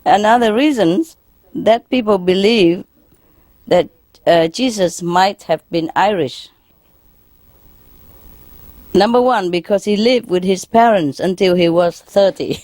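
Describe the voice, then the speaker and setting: A woman's voice: mid-range voice, animated, takes it slowly, pauses often, darkish tone. A woman telling jokes in a lecture, often chuckling and asking the audience questions. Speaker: spiritual teacher lecturing an audience. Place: lecture hall in Paris.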